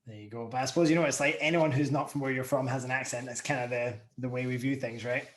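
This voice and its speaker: A man from Scotland with a softened Scottish accent, hosting a casual podcast interview in an easygoing, candid way. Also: mid-range voice, steady tone, fast, a little hiss or hum. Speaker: podcast host.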